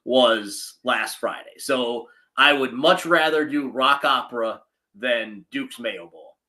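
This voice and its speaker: A man's voice: mid-range voice, slow pace, pushed and bright. A middle-aged man, co-hosting a casual chat show and rambling with frequent restarts. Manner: rambling, self-correcting, folksy. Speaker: podcast co-host.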